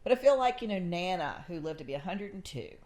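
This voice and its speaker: A middle-aged woman with a drawl hosts a relaxed chat in a low voice. She tells her stories in a lively, chatty way. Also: fast. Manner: chatty storyteller, animated, says y'all. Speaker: podcast host. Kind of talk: casual chat.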